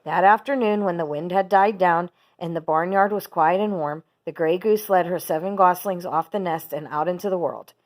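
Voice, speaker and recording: A teacher reading a children's book aloud, steady and expressive. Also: female voice, on the low side, normal speed, hardly any pauses.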